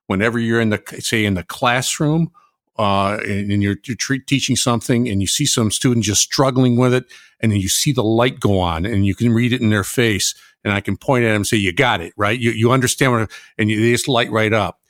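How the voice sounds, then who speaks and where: An older retired man, a former welding instructor and now a pastor, talking earnestly with many halting restarts. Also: on the low side, no echo, clean studio sound. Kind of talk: reflective conversation.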